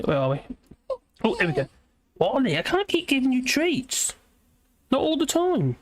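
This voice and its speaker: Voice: high voice, wildly swooping pitch, normal speed, long pauses, slight background noise. A British livestream host chatting in a rambling way, reading viewer comments aloud and laughing often. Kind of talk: rambling live chat.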